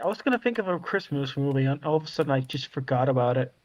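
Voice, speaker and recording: A man's voice: medium pitch, animated, quick pace, darkish tone, highs cut off. A man chatting casually with friends over a voice call, swearing often and rambling as he searches for words. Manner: profane, rambling.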